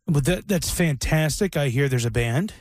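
A man's voice: on the high side, lively intonation, normal speed, no room sound, clean studio sound. A man hosting a radio show, chatting in an upbeat, playful way. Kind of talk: casual chat.

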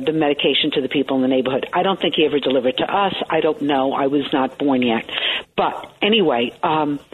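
A woman with a thick Brooklyn accent tells stories in an animated, chatty way. Her voice sits fairly low. She comes through a tinny phone line with a faint hiss behind her. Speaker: TV morning show host, guest. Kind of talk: casual interview storytelling.

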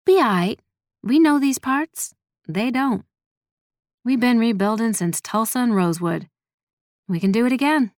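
A woman's voice: on the high side, lively intonation, measured pace, long pauses, darkish tone, dry recording, clean studio sound, voice pushed up. A woman voicing an elderly female community elder who speaks bluntly and defiantly, tired of injustice. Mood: resolute.

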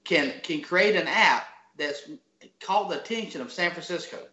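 Speaking at a normal speed, this high-voiced man sounds pushed and bright as he talks on a podcast. He's an app founder with a Georgia Southern drawl, folksy and motivational, who keeps restarting sentences, captured in echoey, dull lo-fi sound.

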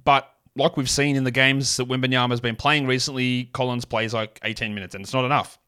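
A man's voice: medium pitch, fairly even intonation, brisk, bright, forceful tone, clear, resonant tone. Blunt, rambling male podcast host. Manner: blunt, rambling, self-mocking. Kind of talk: casual solo podcast talk.

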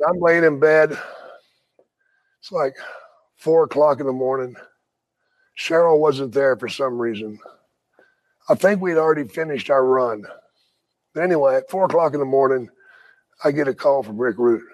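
An older man, a retired wrestler and podcast guest, telling stories in a casual, profane, animated way with frequent laughs. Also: medium pitch, moderate pace, pauses often, low-quality recording. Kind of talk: casual storytelling.

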